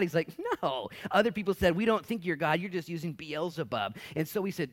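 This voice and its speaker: A man preaching a sermon in a church in a casual, animated way, acting out what people and Jesus say. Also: high voice, brisk, few pauses. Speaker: pastor.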